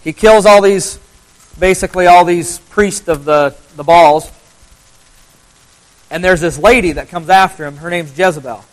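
Man, slightly high voice, motivational Bible talk, questions the audience, repeats phrases for emphasis. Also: measured pace, long pauses, poor audio. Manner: conversational, asks the audience questions. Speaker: speaker at a group talk.

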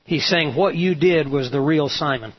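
A man's voice: on the high side, normal speed, slightly rough. A male pastor preaching a sermon, retelling a story and voicing the quoted lines with emphasis. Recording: dull lo-fi sound.

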